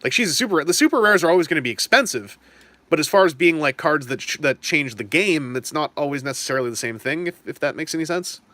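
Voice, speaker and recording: A chatty young man hosts a live stream, answering questions in a loose, rambling way. His voice is bright and sits a little high. The sound is close and dry. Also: lively intonation, fast, no room sound. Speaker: stream host. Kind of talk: casual live-stream chat about toys and trading cards.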